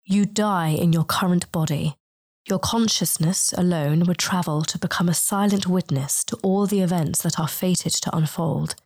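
A woman voicing a wise, solemn female star being who speaks slowly and soothingly in an audiobook. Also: on the low side, darkish tone. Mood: warning. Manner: slow, measured, soothing. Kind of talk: audiobook character reading.

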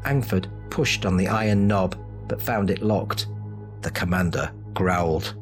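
Slow, deep-voiced male storyteller. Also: soft background music. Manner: dramatic, measured. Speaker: narrator. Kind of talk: scripted audiobook narration.

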